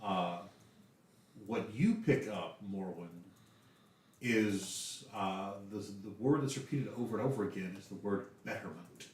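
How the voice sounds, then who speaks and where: A man's voice: fairly low pitch, unhurried, a little hiss or hum. A man with a Southern US accent narrating a tabletop game as game master, full of fillers and restarts. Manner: lively, many fillers. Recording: echoey room, distant mic.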